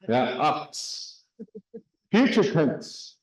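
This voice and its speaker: A man leads a classroom language lesson in a slow, unhurried way, drilling words over and over for the class to repeat. His voice sits a little high for a man. The sound is echoey, as in a classroom. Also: lively intonation, a little mellow. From Canada. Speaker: language teacher.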